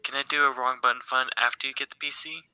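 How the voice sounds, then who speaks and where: A man calling in to a gaming stream, chatty and joking, with filler pauses. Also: mid-range voice, flat delivery, bright, forceful tone, clear, resonant tone, no echo, rough recording. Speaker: caller. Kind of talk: casual chat.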